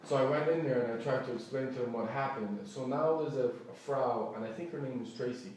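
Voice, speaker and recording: A man with a medium-pitched, somewhat dark voice speaks a little fast as he rambles through an agitated first-person complaint about what happened to him, often restarting and acting out what others said. He sits well back from the mic in a strongly echoing room, with faint room ambience and a slight hiss or hum.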